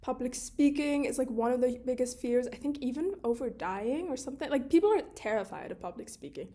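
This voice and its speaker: Young woman, high voice, candid, swears freely, filler-heavy casual vlog talk. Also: animated, fairly quick, dark tone. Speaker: video creator. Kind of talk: casual talking-to-camera monologue.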